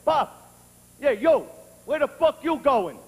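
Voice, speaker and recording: A man voicing a bossy, foul-mouthed little boy who makes loud demands and shouts. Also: extremely high pitch, big pitch swings, slow, full character voice. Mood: demanding. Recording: echoey hall with clear noise.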